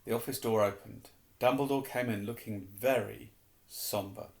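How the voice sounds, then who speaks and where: A man reading a novel aloud as an audiobook, steady and unhurried. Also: fairly low pitch, gravelly. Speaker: reader. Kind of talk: audiobook narration. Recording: roomy echo.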